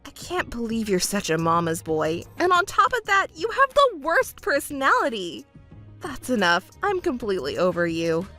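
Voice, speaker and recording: A woman's voice: fairly high pitch, huge pitch swings, normal speed, sharp tone, faint music behind, heavily acted. A woman voicing a young overworked fiancée who pleads and argues back defensively. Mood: pleading. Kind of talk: texting story voice acting.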